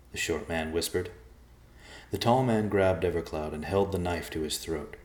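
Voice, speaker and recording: Deep-voiced man narrating an audiobook. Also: normal speed, darkish tone. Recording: roomy echo.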